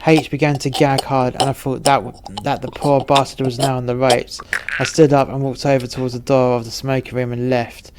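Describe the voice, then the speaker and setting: A man tells a rowdy story in a deadpan, profane manner. His delivery stays flat, with little rise or fall in pitch. His pitch sits in an ordinary middle range. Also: brisk, background noise. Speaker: narrator. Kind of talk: storytelling narration.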